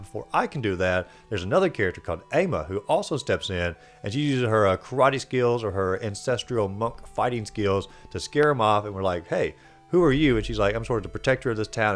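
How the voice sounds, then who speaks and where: Fast-talking casual gaming narrator man. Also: fairly low pitch. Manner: casual, rambling, frequent fillers. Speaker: host. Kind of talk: video game playthrough recap.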